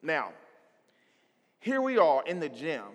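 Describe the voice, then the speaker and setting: A man's voice: fairly high pitch, sing-song, takes it slowly. A man telling a stand-up story, acting out the scenes with sound effects. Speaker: stand-up comedian. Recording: echoey hall.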